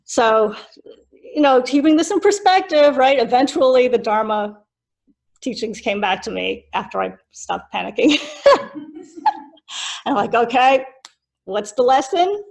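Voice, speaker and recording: Gravelly-voiced woman Buddhist teacher. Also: on the high side, lively intonation, measured pace, pauses often, low-quality recording. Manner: chatty, laughs often while telling a story. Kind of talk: casual teaching with a personal story.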